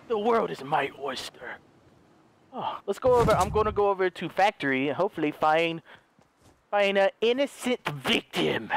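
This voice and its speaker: A man commentating his own video game play, jokey and excitable, dropping to hushed mutters and then bursting into loud yells. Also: sits high, moderate pace. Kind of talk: live gameplay commentary.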